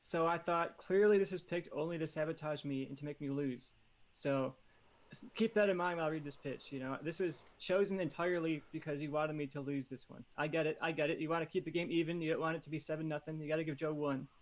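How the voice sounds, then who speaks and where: A man pitching a movie idea on a comedy podcast, rambling and joking with many fillers. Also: fairly even intonation, fast talker. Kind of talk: casual comedic podcast chat.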